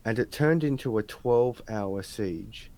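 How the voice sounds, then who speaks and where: A man's voice: fairly low pitch, a little slow, darkish tone, dry recording. Australian man telling stories. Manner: chatty anecdotal storytelling with slang. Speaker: interviewer. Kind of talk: casual chat.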